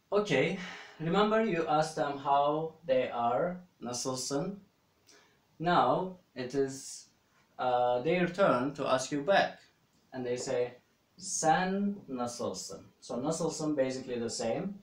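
A man's voice: mid-range voice, far from the mic. A man with a Turkish accent teaching phrases of his language, explaining patiently with many fillers and restarts. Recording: echoey room, set back from the mic.

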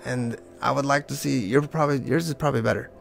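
A man's voice: mid-range voice, steady tone, quick pace, gravelly, faint music behind. A man leading a casual draw-along lesson, talking loosely with lots of "like" and little sound effects as he draws. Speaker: art teacher.

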